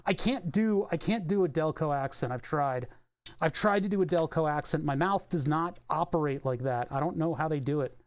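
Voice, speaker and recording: Young man streamer, casual rambling repair talk, higher pitch. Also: moderate pace. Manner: thinks aloud, rambling, swears casually. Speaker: streamer doing car electronics repair. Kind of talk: casual live-stream commentary.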